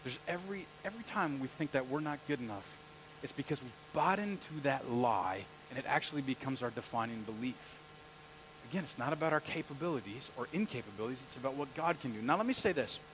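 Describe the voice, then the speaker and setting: A man's voice: medium pitch, lively intonation, fast, fairly bright tone, slight background noise, low-quality recording. A male pastor preaching a conversational sermon in a church and asking the congregation questions as he goes.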